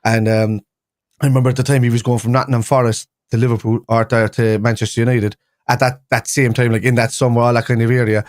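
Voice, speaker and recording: A man's voice: medium pitch, level tone, quick pace, darkish tone, dry recording, clean studio sound. A man with a Cork Irish accent, co-hosting a casual football chat and telling rambling stories. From Cork, Ireland. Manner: rambling, anecdotal storytelling. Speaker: podcast co-host.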